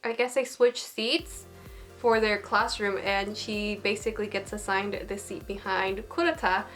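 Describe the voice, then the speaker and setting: A woman's voice: mid-range voice, fairly even intonation, unhurried, fairly bright tone, faint music behind. A woman chatting casually as an anime reviewer, bubbly and gushing, full of filler words. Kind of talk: casual chat.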